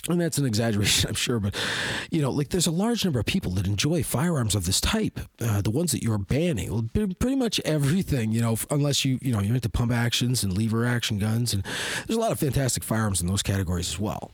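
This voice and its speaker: A man's voice: mid-range voice, very animated, fast talker, breathy edge, no echo. A man hosting a podcast, delivering a heated, rambling opinion monologue full of fillers. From Canada. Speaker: podcast host.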